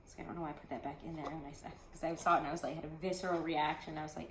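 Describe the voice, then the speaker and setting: Woman tarot reader, low-pitched, chatty and rambling, echoey room. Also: level tone, very fast, fairly bright tone, a little hiss or hum. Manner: chatty, rambling, many "like"s and asides. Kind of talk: casual tarot reading to camera.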